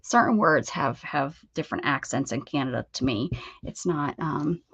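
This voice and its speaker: A woman's voice: deep voice, moderate pace, fairly bright tone, slightly rough, dry recording. An American woman in middle age hosting a craft livestream, chatting casually with viewers in a rambling way, with restarts and laughs. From United States. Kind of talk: casual chat with live viewers. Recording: dull, dry lo-fi stream audio.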